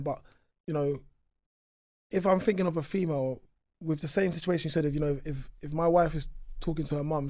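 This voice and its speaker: A man's voice: on the high side, dry recording, studio quality. A man co-hosting a casual book discussion, telling stories with lots of restarts. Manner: animated storytelling, frequent restarts. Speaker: podcast co-host.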